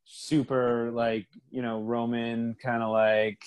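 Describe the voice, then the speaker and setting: A man's voice: mid-range voice, little pitch movement, takes it slowly, smooth. A man guesting on a podcast, joking around in casual chat and leaning on filler words like "like" and "you know.".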